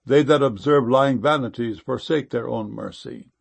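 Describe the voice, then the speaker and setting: A man giving a solemn, measured scripture reading. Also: mid-range voice, vocal fry, slightly rough.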